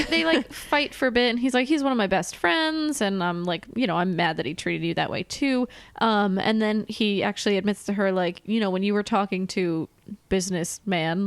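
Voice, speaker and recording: A woman's voice: mid-range voice, no echo. A woman co-hosting a podcast, chatting and recapping a film, acting out the characters' lines with lots of laughter. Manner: animated, acts out lines in quick voices, laughs often. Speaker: podcast co-host. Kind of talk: casual chat recapping a film.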